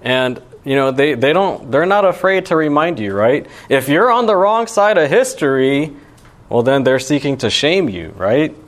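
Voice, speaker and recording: A man's voice: fairly high pitch, expressive, moderate pace. A young man giving a sermon as pastor, talking in a casual, conversational way with lots of "you know" and "right". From Alabama.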